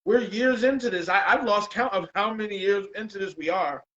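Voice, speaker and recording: Male host, casual, slightly high, dull lo-fi sound. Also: fairly quick, fairly bright tone. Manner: laid-back, says "bro" and "man" a lot. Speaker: podcast host. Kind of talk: casual chat.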